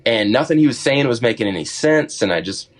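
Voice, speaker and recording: A middle-aged man, a podcast guest, telling a wild story in a casual, animated way and acting out what people said. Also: medium pitch, fairly quick. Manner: animated storyteller, acts out his own quotes.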